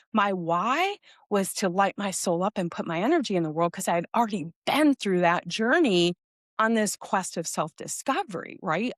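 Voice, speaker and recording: A middle-aged woman hosting a podcast, talking casually to listeners and quietly leading a guided tapping routine. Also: mid-range voice, no room sound, clean studio sound. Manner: chatty, addresses listeners as "you guys". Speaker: podcast host.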